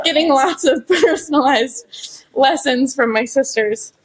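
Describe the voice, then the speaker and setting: A young woman with a fairly high voice gives a personal tribute at a ballroom gathering. She laughs softly through her emotion and pauses often on fillers. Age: young adult. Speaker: speaker at a memorial honoring her father. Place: hotel ballroom event.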